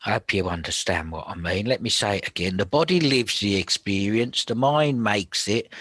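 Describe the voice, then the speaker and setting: A man teaching about spiritual healing in a chatty, colloquial way, often dropping to a hushed whisper. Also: fairly low pitch, expressive, normal speed, slightly rough, no echo. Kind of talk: casual spoken teaching.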